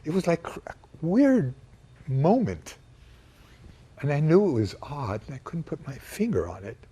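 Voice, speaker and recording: A man recounting a personal memory in an emotional, halting way, pausing and restarting as he goes. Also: a little high, big pitch swings, warm tone, breathy edge. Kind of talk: personal storytelling.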